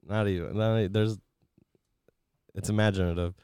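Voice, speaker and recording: A man's voice: lowish voice, steady tone, mellow, clear, resonant tone, no echo, clean studio sound. A man co-hosting a casual podcast chat, joking and swearing a lot. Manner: joking, profane, quick to laugh.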